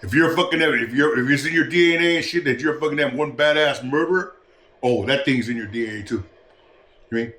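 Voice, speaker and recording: A man's voice: mid-range voice, fast talker, fairly bright tone, roomy sound. A man talking in a preachy, rambling way, full of swearing and restarts, as a podcast guest. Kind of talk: casual street talk.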